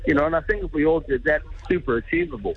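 A man's voice: fairly high pitch, wildly swooping pitch, fast talker, vocal fry, slightly rough, narrow, tinny audio. A middle-aged man, a charity founder speaking earnestly and informally as a radio guest. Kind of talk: radio interview.

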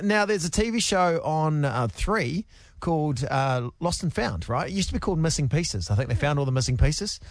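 A man's voice: fairly high pitch, expressive, normal speed, few pauses, no room sound, studio quality. A man with a New Zealand accent co-hosting a radio show, laughing easily as he chats. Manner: laughing, easygoing. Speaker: radio host. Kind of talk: casual radio banter.

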